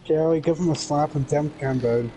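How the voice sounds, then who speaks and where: A man's voice: on the high side, fast, mellow, slight background noise, low-quality recording. A man co-hosting a live stream, tossing in short teasing quips. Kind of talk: casual live-stream banter.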